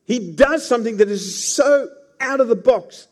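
Animated preacher man, lively pitch. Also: moderate pace. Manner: animated storytelling preacher with playful asides. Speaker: pastor. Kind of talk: sermon.

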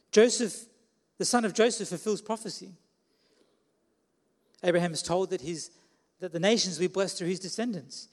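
A man's voice: high-pitched, big-room sound. A man preaching a sermon in a conversational way, putting questions to the listeners.

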